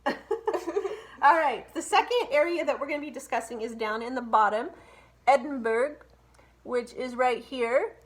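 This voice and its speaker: A woman presenting a casual home family history video in a chatty, lightly giggly way, pausing on frequent ums. Her voice sits a bit high, and the room adds a noticeable echo. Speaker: co-host.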